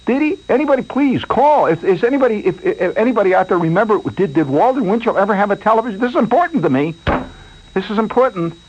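Male radio host, rambling monologue, lively mock-nervous delivery, dull lo-fi sound with faint hum. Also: high voice, fast talker. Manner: rambling, animated, mock-anxious storytelling. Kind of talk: late-night radio monologue.

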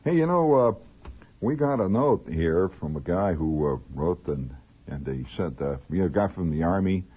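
A man's voice: low-pitched, lively intonation, normal speed. A man with a Midwestern accent hosting a late-night radio monologue, rambling through stories with asides and chuckles. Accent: Midwestern American. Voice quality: husky. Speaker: radio host. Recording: tinny old radio broadcast, faint music.

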